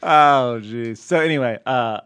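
A man hosts a podcast in loose, playful banter at a medium pitch. He jokes at his own expense and laughs easily. The sound is dry and close to the mic. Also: a little slow, a bit bright, clean tone, no room sound. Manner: jokey, self-mocking, laughs often. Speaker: podcast host. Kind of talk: casual banter.

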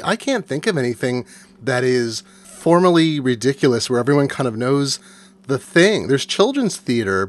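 Wry American man, mid-pitched voice. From United States. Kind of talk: casual chat.

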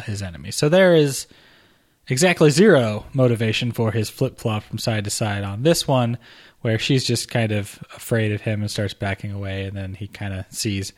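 A man's voice: fairly low pitch, darkish tone. A man co-hosting a podcast, talking casually about a film in a wry, joking way with stammered restarts. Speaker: podcast co-host.

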